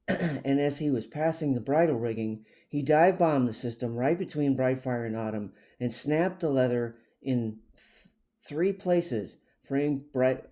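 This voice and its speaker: A man narrating an original animal storybook aloud at an unhurried, even pace. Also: medium pitch.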